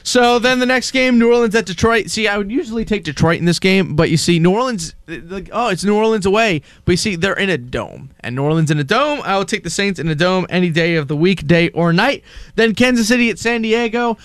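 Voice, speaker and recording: A man's voice: sits high, expressive, fairly quick, a bit bright, clear, resonant tone, dry recording. A young man co-hosting a college radio football show, talkative and laughing often in casual banter. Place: radio studio booth.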